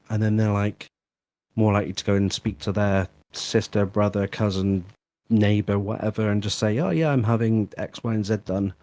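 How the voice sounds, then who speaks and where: A man's voice: on the low side, darkish tone. A man giving practical business advice in a casual live stream chat, with chatty fillers. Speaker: guest and fellow tradesman.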